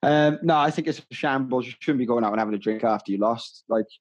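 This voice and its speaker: A man's voice: medium pitch, quick pace, highs cut off. Chatty, teasing male podcast co-host. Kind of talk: casual chat.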